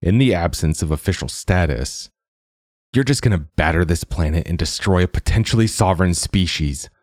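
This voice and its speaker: A man's voice: sits low, animated, moderate pace, darkish tone, no echo, clean studio sound. A man voicing an impatient male council chair who brushes off a complaint in a storybook reading. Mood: dismissive. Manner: curt, dismissive.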